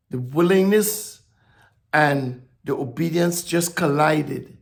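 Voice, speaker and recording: A man preaching a sermon, halting and repeating words, swinging from soft reflection to emphatic declarations. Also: high-pitched, gravelly.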